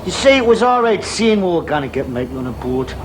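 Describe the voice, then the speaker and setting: A lively ten-year-old Geordie schoolboy, acted by a grown man, rattling along in a high voice that leaps all over the place. He is an eager daydreamer, chatty and quick to laugh at himself, in a children's stage play. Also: background noise. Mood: wistful. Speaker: boy narrator of his own story.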